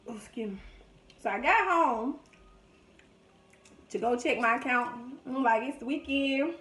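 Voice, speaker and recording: A woman's voice: a little high, a little slow. A woman, animatedly retelling a story while eating. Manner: animated, dramatic retelling with loud laughing outbursts. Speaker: mukbang vlogger. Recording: echoey room.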